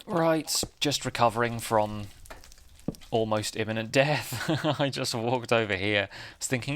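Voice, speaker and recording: A man's voice: medium pitch, a little slow, fairly bright tone, slight background noise. A man hosts a casual Minecraft let's play, chatting in a self-deprecating way and laughing often. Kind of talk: casual gameplay commentary.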